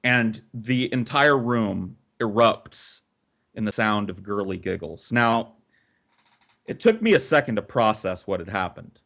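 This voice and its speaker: A gravelly, lowish male voice takes its time on a podcast he co-hosts. His long, casual tale comes out animated and heavily laced with swearing.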